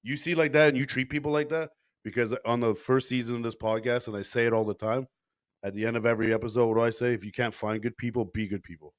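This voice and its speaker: A man's voice: mid-range voice, steady tone, fast, clear, resonant tone, no echo, clean studio sound. A man hosting a podcast, telling a story bluntly with plenty of swearing in casual conversation. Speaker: podcast host.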